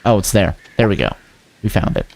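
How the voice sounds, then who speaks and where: A man's voice: on the low side, animated, brisk, vocal fry, darkish tone. A man streaming a farming game, chatting to viewers in a goofy, rambling way with silly sing-song bits. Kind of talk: casual gameplay commentary.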